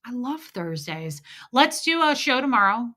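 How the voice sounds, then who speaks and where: Woman, bright voice, sarcastic livestream host, swears a lot, calls out chatters by name. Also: fairly high pitch, big pitch swings, measured pace. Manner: sarcastic, mocking, swears freely. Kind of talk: casual livestream chat. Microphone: home streaming mic.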